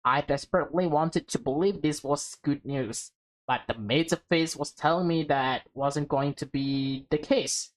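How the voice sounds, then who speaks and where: A young woman streams a visual novel, reading it aloud in a casual let's-play style and reacting emotionally with laughter. She has a deep voice and a measured pace.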